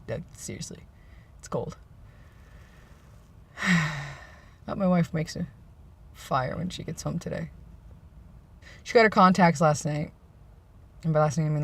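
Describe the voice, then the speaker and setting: A man's voice: a little high, steady tone, measured pace, gravelly, pauses often, a little hiss or hum. Rambling sarcastic man vlogging. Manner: rambling, self-described sarcastic joker. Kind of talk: casual vlog monologue.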